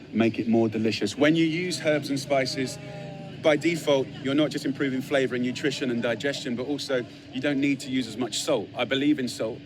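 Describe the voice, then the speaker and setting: English man, chef, phone-camera talk, enthusiastic, repeats himself for emphasis, medium pitch, faint background noise. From England. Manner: enthusiastic, piles up emphatic lists and repeats phrases.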